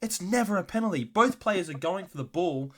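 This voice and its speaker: A man's voice: sits high, lively intonation, fairly quick. Aussie guy ranting on a footy podcast, all worked up, swears a lot. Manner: fired-up, swears, swings loud and quiet. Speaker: podcast co-host. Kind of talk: casual sports podcast rant.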